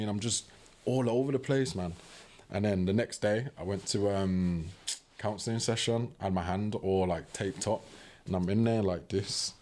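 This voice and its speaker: Podcast guest: young British man, low voice, animated casual storytelling. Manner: animated, acts out quoted voices; fills talk with "do you know what I mean".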